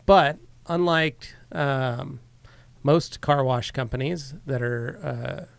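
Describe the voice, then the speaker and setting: A man's voice: mid-range voice, slow, vocal fry, no echo. A man co-hosting a podcast, telling an easygoing story in casual chat with lots of fillers. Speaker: podcast co-host.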